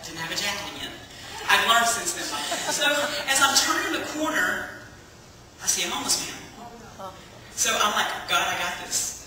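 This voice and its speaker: A woman giving a personal testimony as a lively storyteller, acting out the dialogue and laughing often. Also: mid-range voice, normal speed, background noise. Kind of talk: personal testimony to a church audience. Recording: echoey hall, from far off.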